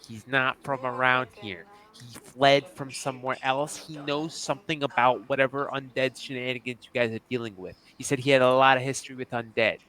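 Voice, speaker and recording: A man's voice: medium pitch, sharp tone, natural voice. A man voicing an insistent, streetwise male fixer who keeps saying "listen" and talks pushily. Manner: pushy, repeats "listen".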